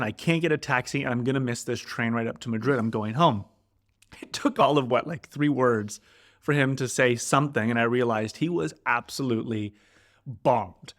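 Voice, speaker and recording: A man from Canada co-hosting a podcast, retelling a chaotic trip in a lively, animated way, acting out quotes and swearing. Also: medium pitch, moderate pace. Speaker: podcast co-host. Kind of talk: casual storytelling chat.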